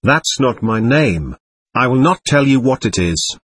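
A man reading aloud the lines of a quick-tempered, stubborn male spirit in a séance record, defiant and threatening. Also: medium pitch, animated, a bit bright, husky, no room sound.

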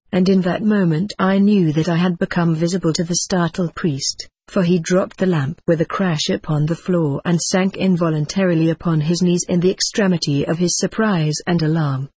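Audiobook narrator, measured old-style storytelling, husky voice, dry close mic. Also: mid-range voice, darkish tone, no room sound. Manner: measured, old-fashioned first-person narration. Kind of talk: audiobook reading.

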